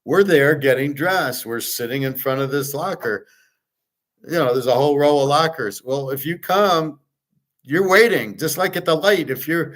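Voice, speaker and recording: A man's voice: fairly high pitch, a bit bright. A man hosting his show, telling a rambling story in a blunt, profane, casual way, with frequent restarts. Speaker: show host.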